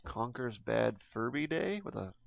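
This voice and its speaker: A man co-hosting a casual gaming podcast, animated and jokey, full of quick asides. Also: mid-range voice, vocal fry. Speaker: podcast co-host. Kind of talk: casual chat.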